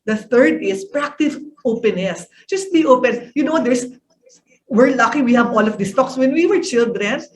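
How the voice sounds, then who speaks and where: A woman's voice: a little high, animated, moderate pace. A middle-aged woman gives an online parenting talk over a video call, coaching parents and asking them questions. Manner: coaching, asks the audience questions. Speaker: parenting speaker and executive coach.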